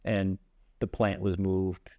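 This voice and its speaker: A man's voice: deep voice, level tone, takes it slowly, warm tone, highs cut off. A man hosting a community theater talk show, chatting in a loose, rambling way and making self-mocking jokes. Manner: rambling, joking, restarts often. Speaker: community theater podcast host and epilogue writer.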